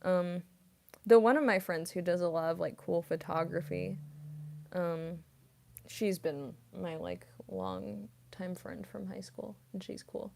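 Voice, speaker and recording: Streamer, woman, mid-twenties, low-ish voice, unhurried, chatty with filler words. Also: lively intonation, creaky. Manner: soft-spoken, rambling with many fillers and giggles. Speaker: voice actress streamer. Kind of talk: casual livestream chat reading comments.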